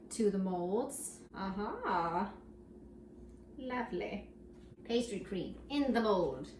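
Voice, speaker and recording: A woman's voice: medium pitch, a little mellow, far from the mic, slight background noise. Playful woman baking in an echoey kitchen. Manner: goofy, jokes and chats to herself while working. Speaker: baking show host. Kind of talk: playful cooking demonstration.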